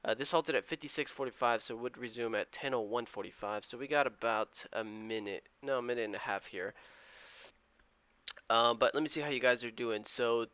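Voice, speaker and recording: Indoors at home, a man live-streams his day trading in a smooth, medium-pitched voice at a moderate pace, with a dry recording. He keeps things chatty but fairly quiet, reading out viewer comments and counting aloud.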